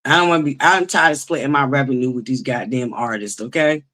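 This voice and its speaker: A woman's voice: rumbling low, fast talker, a bit bright. A woman hosting a casual livestream from home, chatting and greeting viewers by name. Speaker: livestream host.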